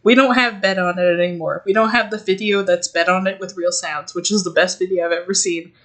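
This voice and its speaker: A woman's voice: lowish voice, steady tone, a little fast. A young woman co-hosting a podcast in casual chat, giggly and rambling, swearing freely. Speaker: podcast co-host.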